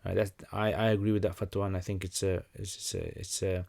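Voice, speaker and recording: A man's voice: deep voice, fast, vocal fry. Laid-back man hosting a stream. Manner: relaxed, conversational, many fillers and restarts. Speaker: livestream host answering questions. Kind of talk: casual livestream Q&A.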